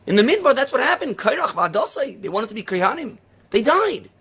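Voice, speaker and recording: A man preaching a sermon in a high, husky voice. His pitch swings widely as he stresses points and asks question after question. He tells the story in a lively, engaged way. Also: fairly quick. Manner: animated, rhetorical questions, storytelling. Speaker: rabbi.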